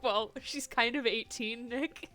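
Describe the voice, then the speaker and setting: A woman's voice: on the high side, slow, fairly bright tone. A young woman streaming a game, chatting casually and laughing often. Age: young adult. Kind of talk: casual let's-play chat.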